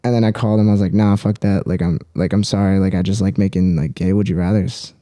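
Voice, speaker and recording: Young man, podcast guest, low voice, mellow tone, rambling casual chat. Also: steady tone, quick pace. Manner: rambling, heavy on fillers, laughs often.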